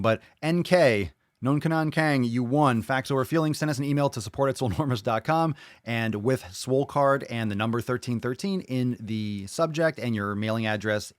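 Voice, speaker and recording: Dude hosting a podcast, blunt and sweary, mid-range voice, dry close sound. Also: male voice, mid-range voice, no echo. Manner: blunt, profane, animated, reads comments aloud and reacts. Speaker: podcast host. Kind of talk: casual podcast chat reading viewer comments.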